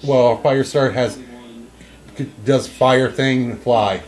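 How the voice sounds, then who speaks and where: Man chatting haltingly about old cartoons. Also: mid-range voice, fairly even intonation. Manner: rambling, halting, with restarts. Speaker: co-host. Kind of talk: casual chat.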